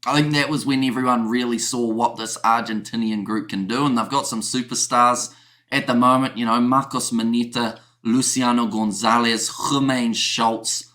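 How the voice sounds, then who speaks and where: A man's voice: mid-range voice, steady tone, moderate pace, pushed and bright. A man with a mid-range voice chats casually as a podcast co-host. He talks in an easygoing, rambling way, often saying "you know". He sounds like he is on a video call. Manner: chatty, uses "you know" a lot. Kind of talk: casual sports chat.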